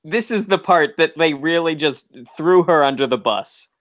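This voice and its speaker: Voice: mid-range voice, expressive, normal speed, fairly bright tone, no echo. Podcast co-host, rambling chatty retelling, lots of fillers, dry close sound. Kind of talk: casual chat recapping an episode.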